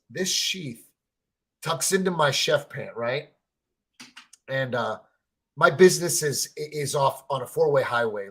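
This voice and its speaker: A man with a husky, slightly high voice talks through a live fan reaction stream. He tells stories in a rambling, excited way, stumbling over repeated words and swearing freely. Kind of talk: excited casual chat.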